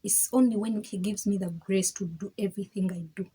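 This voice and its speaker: Woman, candid testimony, very breathy raspy tone, warm dark timbre, emphatic, repeats herself. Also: medium pitch, fairly even intonation, a little fast, low-quality recording. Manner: emphatic and frank, with many repeats and restarts; laughs between points. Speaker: vlogger sharing her faith testimony.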